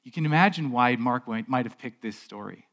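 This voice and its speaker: On a church stage, a man preaches in a medium-pitched, fairly bright voice, brisk and expressive. He speaks loosely, often restarting or repeating a word, and keeps asking the congregation rhetorical questions.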